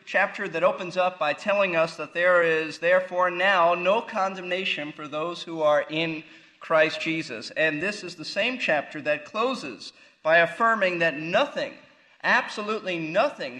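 A man's voice: on the high side, pushed and bright, poor audio. A man teaching a Bible sermon as a pastor, emphatic and fond of rhetorical questions. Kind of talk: expository sermon.

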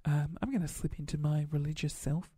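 A man's voice: steady tone, a little fast, husky, no room sound, clean studio sound. A man putting on a solemn radio preacher. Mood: mock-solemn. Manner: low, hushed, mock-solemn dulcet tones. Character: pious male radio preacher, solemn and pompous.

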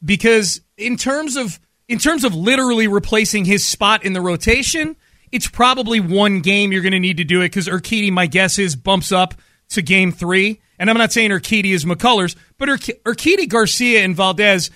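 A man hosting sports talk radio, brisk and analytical, on a studio mic. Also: high voice, bright, forceful tone, no echo.

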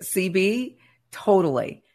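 A woman's voice: mid-range voice, lively intonation, slow pace, darkish tone. A woman co-hosting a candid faith chat, emphatic and slangy, with a preachy edge. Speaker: podcast co-host.

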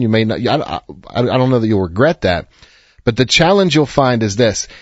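An earnest man hosts an advice show, gently counseling a caller and often restarting his phrases. His voice sits in a middle range. The recording is dry and a bit dull, as if lo-fi. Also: medium pitch, dry recording. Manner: earnest, reassuring, with frequent restarts.

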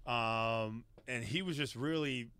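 A man from Los Angeles, a radio host in casual chat, telling stories in a lively, profane way at a studio microphone. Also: mid-range voice, takes it slowly, smooth, dry recording. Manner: animated, profane storytelling.

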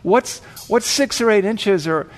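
A man's voice: high voice, lively intonation, unhurried, voice pushed up. A man voicing an injured male biker who complains that he is being hurt. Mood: complaining.

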